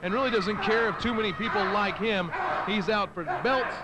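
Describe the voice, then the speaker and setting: A man's voice: sits high, normal speed, very noisy. A man doing brash, taunting color commentary for a wrestling show, boasting and mocking the wrestlers.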